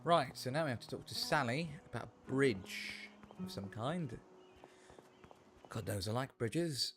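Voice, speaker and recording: A man streaming a farming game, chatting casually, joking and rambling with sudden loud outbursts. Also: medium pitch, expressive, measured pace. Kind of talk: casual gameplay livestream chat. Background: faint background music.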